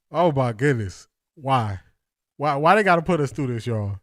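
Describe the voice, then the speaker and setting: Breathless, laughing fan streaming a watch party. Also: male voice, mid-range voice, slow, long pauses, no room sound, clean studio sound. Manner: excitable, laughing, addresses viewers as y'all. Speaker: live stream host. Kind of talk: live watch-party commentary.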